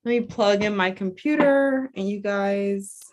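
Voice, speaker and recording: A woman's voice: medium pitch, a little slow, darkish tone. A woman coach talking casually to viewers in a rambling, chatty way, full of fillers and restarts. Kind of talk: casual livestream talk.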